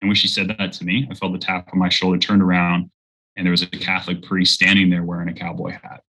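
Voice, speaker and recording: This earnest personal testimony comes from a man in his thirties interviewed as a guest, who acts out others' words as he tells his faith story. He talks quickly in a low, completely flat voice that's bright and forceful, and the audio quality is poor.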